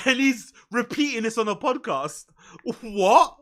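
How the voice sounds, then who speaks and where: Shouting, very high-voiced man ranting. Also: animated, a little slow. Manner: loud, profane, mocking, often shouting. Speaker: streamer reacting to clips. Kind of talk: ranting reaction commentary.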